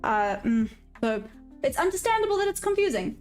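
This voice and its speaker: A woman's voice: high-pitched, very animated, normal speed, darkish tone, soft background music. A woman from Africa, chatting casually on a trading livestream, reading viewer comments aloud and laughing often. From South Africa. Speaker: day-trading livestream host.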